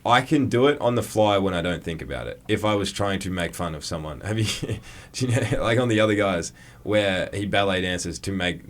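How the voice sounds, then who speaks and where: A young Australian man with a very low voice, chatting casually as a podcast co-host. He is easygoing and quick to poke fun at himself. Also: lively intonation. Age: young adult. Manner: easygoing, self-deprecating, quick laughs. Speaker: podcast co-host, college football player. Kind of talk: casual chat.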